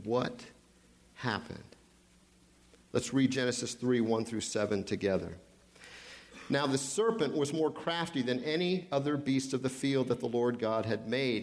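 A man delivers a sermon at an ordinary middle pitch, reading scripture and then working through it. He leans on repeated rhetorical questions and deliberate pauses for emphasis. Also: creaky, darkish tone. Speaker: pastor.

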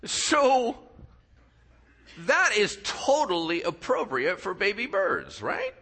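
A male pastor delivers a sermon in a church, moving between playful, acted-out storytelling and quiet, serious emphasis. His voice sits a little high and rings bright, with pitch that swoops up and down as he performs each scene. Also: takes it slowly, slightly rough. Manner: animated storyteller, acts out voices and sound effects; drops to quiet, earnest tones for key points. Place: church sanctuary.

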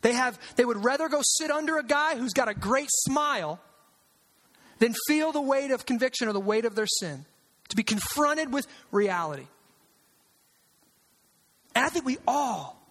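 Guy preaching, high pitched, punchy and chatty, big church echo. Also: expressive, measured pace, pauses often, a bit bright. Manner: conversational, emphatic, uses sarcasm and repetition. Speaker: pastor. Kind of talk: sermon. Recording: long hall reverb.

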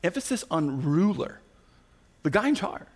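A man preaching with a lively, swooping delivery and a fairly high voice for a man. He talks like a pastor in conversation with the room, acting out the people he quotes and slipping in quick asides. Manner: animated, acts out quoted voices with asides and laughs. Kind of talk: sermon. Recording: recorded sermon audio.

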